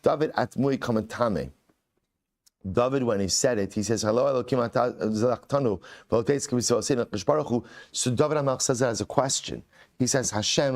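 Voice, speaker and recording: A man's voice: medium pitch, brisk, a little mellow. A man, a rabbi teaching a Talmud lesson, who reads Aramaic text and then explains it in plain English, often repeating key phrases for emphasis. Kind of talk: Talmud lesson, reading and translating.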